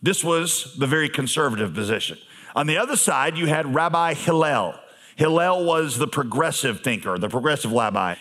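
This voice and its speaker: A male pastor preaching a sermon in a conversational manner, with humorous asides and emphatic pauses. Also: fairly high pitch, fairly bright tone.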